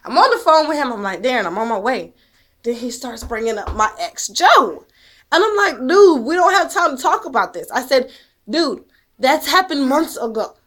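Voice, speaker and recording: Speaking at a normal pace in a high, very animated, fairly bright voice, a woman recounts her experiences as a mom. The emotional storytelling is profane and fired up, her emphasis punctuated again and again by a pressing "okay?".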